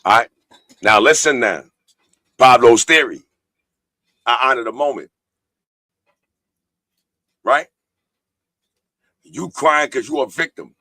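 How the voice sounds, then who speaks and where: A man's voice: medium pitch, expressive, takes it slowly, long pauses, pushed and bright, no room sound. A man hosting a live-stream talk show, preaching profanely and reading viewer comments aloud. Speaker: podcast host.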